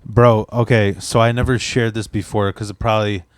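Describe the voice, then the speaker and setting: A podcast host from the Chicago area who tells a long story in a casual, profane, rambling way. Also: male voice, on the low side, level tone, brisk, clean tone, dry recording. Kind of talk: casual chat.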